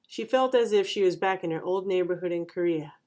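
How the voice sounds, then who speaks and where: A woman reading a children's picture book aloud in a clear, even narration. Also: on the low side, fairly quick. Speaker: storyteller.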